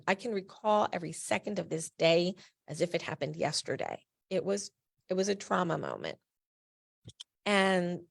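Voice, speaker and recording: Middle-aged woman, from New Jersey, low gravelly voice, candid personal storytelling, emphatic. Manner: candid and emphatic, with blunt asides. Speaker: patient advocate and founder.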